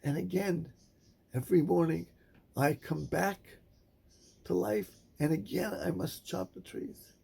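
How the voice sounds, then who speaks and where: A man puts on a doomed dead soul from a spoken tale, pleading in a low, hushed voice. The voice is gravelly and husky, and it sits fairly high for a man. The soul sounds weary and resigned. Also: unhurried, heavily acted. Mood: mournful.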